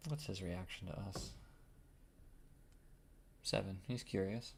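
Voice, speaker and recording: A man's voice: deep voice, slow, creaky, long pauses, slight background noise. A man casually narrating his solo tabletop game, improvising with profanity as he rolls dice.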